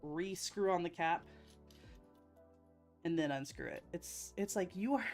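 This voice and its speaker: A woman's voice: on the low side, a little slow, a little mellow, soft background music. A woman hosting a casual live stream, chatting to her viewers and laughing often. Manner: giggly, breaks into laughter often; chatty, talks straight to viewers. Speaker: live-stream host painting nails.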